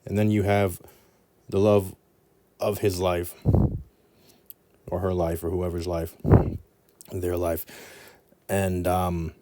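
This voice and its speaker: A man teaching with playful, rambling asides. His voice is low-pitched and mellow, with a relaxed, warm tone. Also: slow, long pauses, slight background noise. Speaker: anatomy teacher. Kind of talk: mnemonic lesson.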